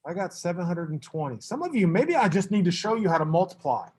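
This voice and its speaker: A man teaching a math class, brisk and teasing, fussing at students and then reassuring them. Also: high-pitched, sing-song, a little mellow, slightly rough.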